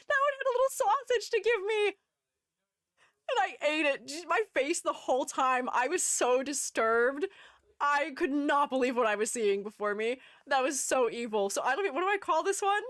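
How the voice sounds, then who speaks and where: A woman's voice: sits high, animated, moderate pace, fairly bright tone, dry recording, clean studio sound. A young woman streamer chatting casually, giggly and mock-dramatic. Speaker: streamer and art educator. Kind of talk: casual live-stream chat.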